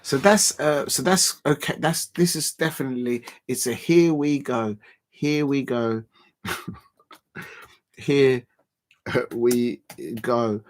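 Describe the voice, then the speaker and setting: A man hosting a football livestream in casual chat, rambling and halting with many fillers and frequent chuckles. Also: medium pitch.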